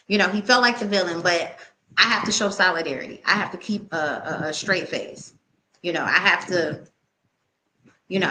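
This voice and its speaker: Woman, tarot reader, animated, slangy, bright tone. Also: mid-range voice. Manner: animated, laughing, slangy and candid. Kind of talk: live tarot reading and storytelling.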